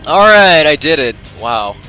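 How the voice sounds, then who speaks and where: A man's voice: a little high, measured pace, faint music behind, poor audio. A man giving live gameplay commentary, talking to himself and poking fun at his own mistakes. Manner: talks to himself, self-mocking and excitable. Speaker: let's play commentator.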